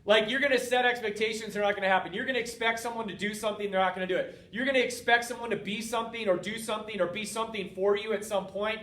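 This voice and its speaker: A man hosting a motivational talk, speaking directly to his listeners in an energetic, coaching way. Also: sits high, very fast, few pauses. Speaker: host. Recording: roomy, distant from mic.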